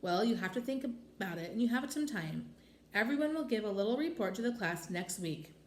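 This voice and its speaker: A woman voicing a patient, kindly female schoolteacher in a children's storybook, speaking calmly. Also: mid-range voice, fairly quick, reverberant, background noise, natural voice. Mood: instructive. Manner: calm, instructive.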